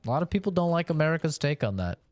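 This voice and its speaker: A man from Canada ranting on a live game stream, opinionated and animated, spelling words out letter by letter. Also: a little high, very fast, no room sound, faint music behind. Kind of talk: casual rant during a live game stream.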